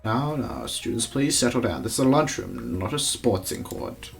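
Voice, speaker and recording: A man voicing a mild male dog teacher who softly scolds his students. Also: mid-range voice, sing-song, moderate pace, gravelly, faint music behind. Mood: calming.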